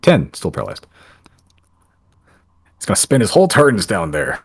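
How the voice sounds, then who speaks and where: A man's voice: fairly low pitch, wildly swooping pitch, moderate pace, slightly rough, dry recording, studio quality. A man narrating a tabletop game as game master, loosely describing the action with lots of fillers.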